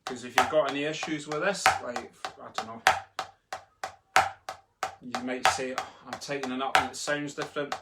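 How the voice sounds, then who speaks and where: A man's voice: mid-range voice, steady tone, normal speed, pauses often. Man, drum tutor, chatty, live home stream, stick clicks and noise behind. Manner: chatty, chants the sticking aloud while playing. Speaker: drumming tutor. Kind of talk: live online drumming lesson. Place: home room. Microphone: laptop in front of him. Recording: noisy, with drumstick clicks behind.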